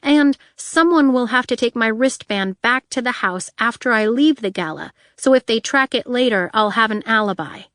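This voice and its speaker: A woman voicing a wary young female inventor with a deadpan, wry way of talking. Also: on the high side, normal speed, hardly any pauses, dry recording, studio quality.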